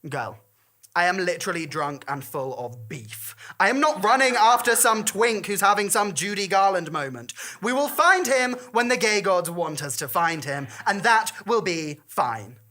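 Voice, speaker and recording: A sassy, drunk young man drawls his blunt retorts, as a woman puts him on. His bright voice swings lively up and down. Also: on the low side, normal speed.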